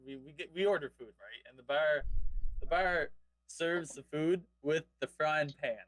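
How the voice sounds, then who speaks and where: A man's voice: fairly high pitch, moderate pace, fairly bright tone, low-quality recording. A man on a casual podcast, chatting loosely, reacting to friends and telling his own bar story. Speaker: podcast co-host.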